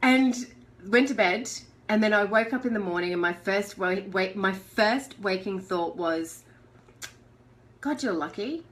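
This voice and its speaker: A woman's voice: mid-range voice, unhurried. An Australian woman hosting a live motivational talk, telling a personal story with lots of laughter. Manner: animated storyteller who laughs often; acts out her own inner voice in quotes. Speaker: host of a live motivational show.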